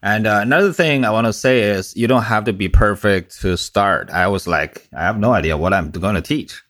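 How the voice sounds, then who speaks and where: A man with a noticeable Mandarin accent and a fairly low voice. He speaks as a podcast guest, plain and direct, with halting fillers between his points. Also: a bit bright. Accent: Mandarin Chinese. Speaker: guest coach. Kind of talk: podcast interview.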